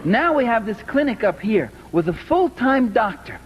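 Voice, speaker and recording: A man giving a public lecture, telling stories in an animated way and quoting the people in them. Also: high-pitched, moderate pace, a little hiss or hum. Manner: animated storytelling with quoted voices. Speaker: lecturer speaking on socialism. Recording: dull archival lecture audio in a large hall.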